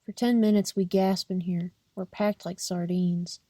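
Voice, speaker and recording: Young woman reading an audiobook, mellow voice, dry close mic. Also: on the low side, measured pace, no echo. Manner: steady, plain first-person narration. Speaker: audiobook reader. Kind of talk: audiobook narration.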